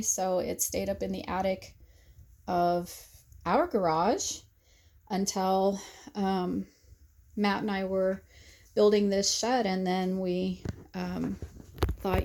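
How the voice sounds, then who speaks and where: This is a craft vlogger, a woman in her forties from southern Indiana, giving a casual vlog tour recorded on a handheld phone outside a windy craft shed. Her darkish, medium-pitched voice moves slowly with fairly even intonation and frequent pauses. She rambles fondly through memories, using plenty of fillers and getting choked up.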